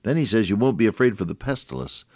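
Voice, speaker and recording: An older man preaches a gentle radio devotional in a very low voice that swoops up and down with feeling. He talks folksy and conversational, stumbling over his words and then reading Scripture slowly. The sound is dry and close, with no room around him. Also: very animated, no echo. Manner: folksy, conversational, with frequent restarts and Scripture quoting.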